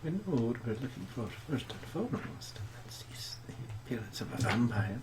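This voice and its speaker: A man roleplays his character in a formal, slightly old-fashioned manner at a middling pitch. A clear hiss of background noise runs under his voice. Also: expressive, normal speed. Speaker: player.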